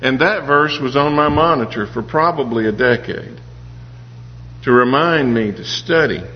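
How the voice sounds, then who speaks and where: A man's voice: mid-range voice, a little slow. Earnest male preacher in a reverberant hall. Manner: earnest, personal storytelling with occasional restarts. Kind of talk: sermon. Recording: reverberant hall with dull sound and faint hum.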